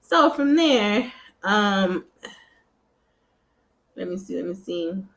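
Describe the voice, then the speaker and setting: A woman's voice: medium pitch, slow. Chatty woman recapping a TV episode. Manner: chatty and animated, laughing, swearing, slipping into characters' voices. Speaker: TV recap vlogger. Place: home room.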